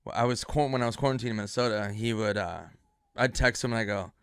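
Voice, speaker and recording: A man in casual storytelling, animated and acting out the voices of people he quotes. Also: lowish voice, fast talker, clear, resonant tone, dry recording, studio quality. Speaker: comedian guest.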